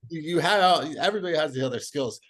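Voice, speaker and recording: Animated laughing male storyteller. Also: a little high, quick pace. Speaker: podcast guest. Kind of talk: casual conversation.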